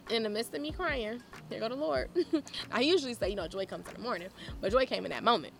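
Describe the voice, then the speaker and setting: A woman podcast host telling stories in a casual, animated way, laughing and acting out conversations. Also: mid-range voice, vocal fry. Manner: animated, laughing, acts out quoted exchanges. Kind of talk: casual storytelling monologue.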